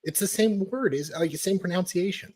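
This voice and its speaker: A woman's voice: lowish voice, brisk, a little mellow. A woman co-hosting a live stream, stubborn and joking as she argues a point. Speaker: stream co-host. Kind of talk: casual live-stream chat.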